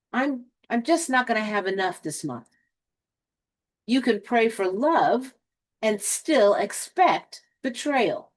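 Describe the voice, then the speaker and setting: A woman giving a spiritual motivational talk, speaking deliberately with dramatic pauses and a touch of sarcasm. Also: medium pitch. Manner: lightly sarcastic.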